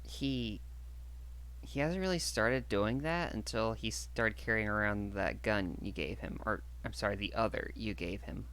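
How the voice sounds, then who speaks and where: A man's voice: fairly low pitch, unhurried, a bit bright, clean tone. A man playing a blunt, protective woman who talks in a frank, exasperated way.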